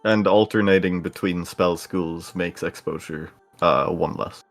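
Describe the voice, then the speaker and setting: A man's voice: sits low, steady tone, a little slow. A man chatting casually as a player in a tabletop game, joking and swearing loosely.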